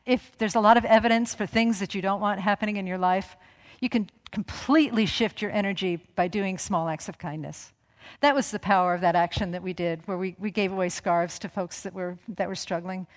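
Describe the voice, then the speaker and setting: A woman giving a gentle, conversational sermon, with easy asides and soft laughter. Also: medium pitch, normal speed. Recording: long reverb of a hall.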